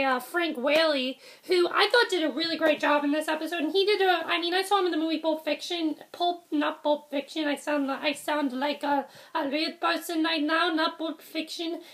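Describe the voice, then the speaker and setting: A young woman casually reviewing a TV episode, rambling with frequent ums, self-corrections and quick apologies. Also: sits high, fairly bright tone.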